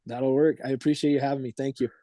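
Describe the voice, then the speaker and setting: A young man answering interview questions as a guest, speaking haltingly with many ums and restarts. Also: mid-range voice, flat delivery, warm tone, no echo. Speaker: guest, team co-owner.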